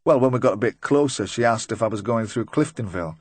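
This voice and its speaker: A man's voice: mid-range voice, fast, no room sound, close to an everyday voice. Man doing a nervous, chatty van driver. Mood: chatty, uneasy. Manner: rambling, eager to please, forced joviality.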